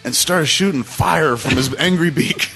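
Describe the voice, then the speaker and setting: A man co-hosting a podcast, riffing in casual comedic banter with a deadpan storytelling manner. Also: a little high, measured pace, gravelly, faint music behind. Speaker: podcast co-host.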